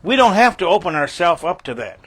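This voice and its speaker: A man's voice: high-pitched, big pitch swings, fairly quick, a bit bright, no echo. An older man teaching a Bible passage verse by verse, folksy and emphatic, repeating key phrases.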